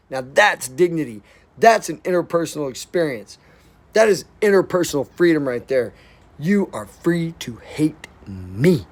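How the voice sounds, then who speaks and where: A man's voice: a little high, expressive, normal speed. A man talking in a rambling, casual monologue, blunt and profane but affectionate and heartfelt. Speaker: vlogger.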